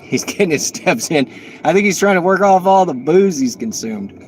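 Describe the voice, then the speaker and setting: A man's voice: fairly high pitch, lively intonation, normal speed. A man chatting casually with his livestream viewers while out doing rideshare pickups, joking and greeting people by name. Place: on an electric cargo bike in traffic. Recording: noisy outdoor street with traffic. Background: traffic and vehicle noise.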